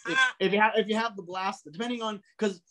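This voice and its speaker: A man co-hosting a casual collectibles chat, telling stories with lively acted-out dialogue and frequent restarts. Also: sits high, fast talker, slight background noise. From New England, US. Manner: animated storyteller, acts out dialogue. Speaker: podcast co-host.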